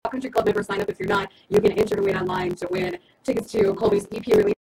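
A woman hosting a morning radio show in the studio, briskly reading out listener messages and plugging giveaways. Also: fairly high pitch, huge pitch swings, gravelly, darkish tone, poor audio.

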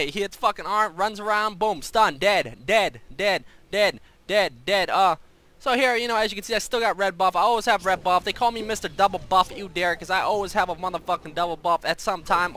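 Faint noise sits behind this young streamer's high, sharp-toned voice. He boasts, swears and trash-talks with plenty of brashness while narrating his own gameplay.

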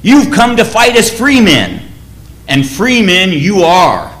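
A man voicing a defiant warrior leader who rallies his outnumbered men with slow, raised declamation. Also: on the high side, animated, bright, forceful tone. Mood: rousing.

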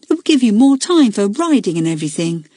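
A kind young schoolgirl, as a woman narrator puts her on, lifted high and bright, soft and breathy. Recorded dry and close for a storybook. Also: big pitch swings, fairly quick, no echo.

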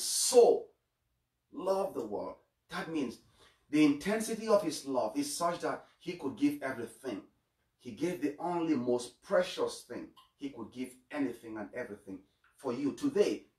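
A man's voice: mid-range voice, recorded from a distance. A man giving a homily as a priest, earnest, often repeating his first words and stumbling on starts. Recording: echoey room, voice away from mic.

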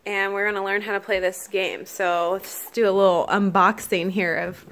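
A young woman talking casually to the camera in a personal vlog, relaxed and chatty. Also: mid-range voice, normal speed. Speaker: vlogger.

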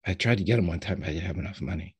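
A man voicing a confused, tearful teenage boy in a tabletop game, pleading and halting, repeating himself. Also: low voice, darkish tone, breathy edge. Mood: wistful.

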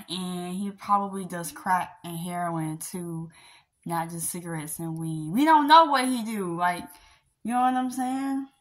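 A young woman venting to her viewers about a rejection, rambling with sighs, trailing off and nervous laughs. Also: a little high. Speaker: vlogger. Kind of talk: emotional rant to camera.

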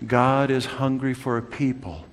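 A man preaching a sermon in a church, swinging from loud calls down to hushed whispers. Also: mid-range voice, fairly even intonation, a little slow. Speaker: pastor. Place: church sanctuary. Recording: long church hall reverb.

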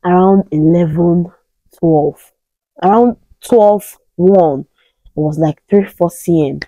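Nigerian woman, 30s, vlogger telling a story; dark, husky voice, dry lo-fi sound. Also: takes it slowly, no echo. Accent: Nigerian English. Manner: animated, acts out quoted pleas in a higher voice. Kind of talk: emotional personal storytelling.

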